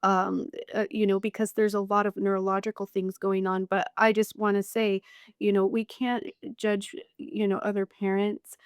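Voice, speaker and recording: Host woman, halting and thoughtful. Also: medium pitch, little pitch movement, clean tone, no echo, clean studio sound. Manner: thoughtful, halting, with many fillers. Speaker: podcast host. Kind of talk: conversational interview.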